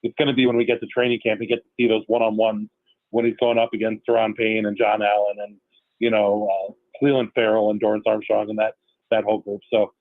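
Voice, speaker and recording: Steady man, flat delivery, dry phone-in audio, team reporter. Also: lowish voice, brisk, no echo. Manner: steady, lots of uh fillers. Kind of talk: phone-in radio interview. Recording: tinny phone line.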